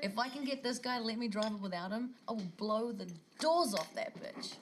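A woman's voice: fairly high pitch, a little fast, background noise, close to an everyday voice. A woman with a New Zealand accent playing a brash, car-loving stuntwoman in film dialogue who talks cheekily and swears freely. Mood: cheeky.

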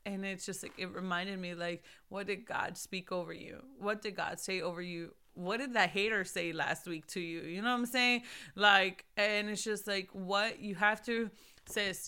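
A woman's voice: mid-range voice, fairly even intonation, moderate pace, pushed and bright, clean tone. A young woman hosting a faith podcast, talking earnestly and urging her listeners to keep going. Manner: earnest, preachy, urges the listener. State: recovering from losing her voice. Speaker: podcast host. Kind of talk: faith encouragement talk.

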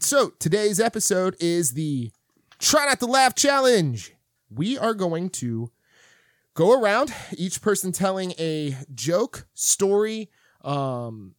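A man hosting a casual podcast, his voice riding up and down with plenty of lively swing and sitting a touch higher than most men's. He laughs easily and fills his explanations with ums and restarts. The sound is dry and close. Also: dry recording. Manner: animated, laughs often, explains rules with fillers. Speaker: podcast host. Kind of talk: casual chat.

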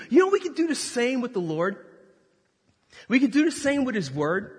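A male pastor tells a story in a sermon with lots of energy, joking and acting out the people in it. His voice sits high and swings widely in pitch. A long reverb follows him around a large church hall. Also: normal speed, breathy edge. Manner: animated, jokey, acts out voices.

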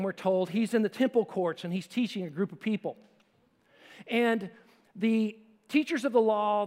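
A man preaching a sermon with emphasis, swinging between forceful lines and hushed ones. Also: high voice, in a large hall. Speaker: pastor.

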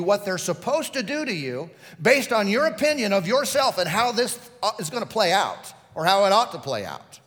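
A man's voice: high-pitched, fairly bright tone, long reverb tail. A male pastor preaching a sermon, telling the story vividly and putting questions to the congregation.

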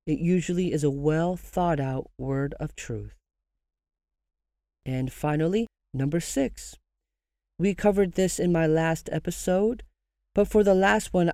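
Mellow-voiced podcast host, slow and gentle, asks listeners stuff, dry close mic. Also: mid-range voice, no room sound. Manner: calm, measured, counselling tone with slow emphatic phrases; asks listeners rhetorical questions. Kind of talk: scripted podcast monologue giving grief advice.

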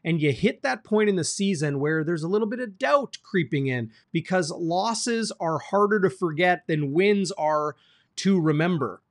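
A man's voice: high-pitched, lively intonation, normal speed, dry recording, studio quality. A man who hosts a sports show and asks long, winding interview questions. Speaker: sports reporter, host.

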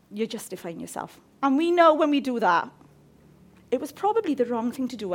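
A woman preaching a humorous sermon, often asking her listeners questions. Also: high voice. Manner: animated, humorous, asks the audience questions.

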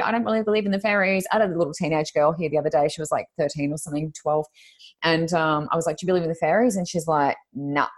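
An Australian woman, a reader of intuition, chatting casually over a video call and telling a story, acting out the voices of the people in it. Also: sits low. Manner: chatty, acts out quoted voices.

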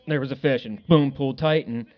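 A man on a podcast telling a fishing story in casual talk, loud and swearing. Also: mid-range voice, a little fast, soft background music. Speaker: podcast co-host. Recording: dull lo-fi sound.

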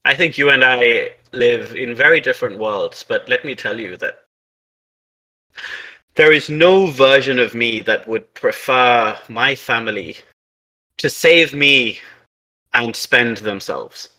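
A weary, kindly older man who cares deeply about his family, voiced by a man running a tabletop game. He talks calmly and mildly, and his tone has a bright, sharp edge. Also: slow, rough recording. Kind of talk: role-playing a character in a tabletop game.

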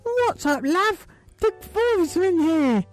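A man putting on a high falsetto voice as a perky young woman game heroine, as a joking impression on a podcast. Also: moderate pace, faint music behind. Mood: perky mocking.

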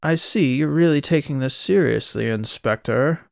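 A man's voice: on the high side, normal speed, vocal fry, no echo, studio quality, pitched above the performer's own voice. A man voicing a pretentious young woman who speaks in an affected, old-fashioned posh manner. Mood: haughty. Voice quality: affected, stagey posh diction.

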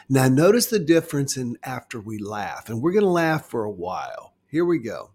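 A middle-aged man gently coaching listeners through a stress-relief exercise in a guided self-help talk. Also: mid-range voice, very animated, normal speed, hardly any pauses. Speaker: wellness guide.

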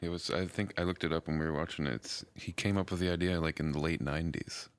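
A man's voice: low-pitched, fairly even intonation, fast talker, smooth, dry recording. A man co-hosting a casual podcast chat, laughing often and giving short replies. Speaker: podcast co-host.

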